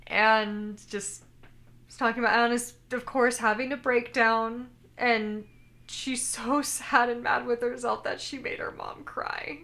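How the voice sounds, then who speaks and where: Bright-voiced woman co-hosting a podcast. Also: a little high, steady tone, a little slow, creaky. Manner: retells scenes, quoting characters in her own voice. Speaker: podcast co-host. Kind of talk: casual chat recapping an anime.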